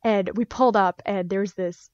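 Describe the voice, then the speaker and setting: A woman's voice: medium pitch, moderate pace, no room sound, dull audio. A young woman, a guest on a podcast, chatting casually and acting out voices as she tells her stories. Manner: lively storyteller, acts out her parents' voices. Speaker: guest, artist and fursuit maker.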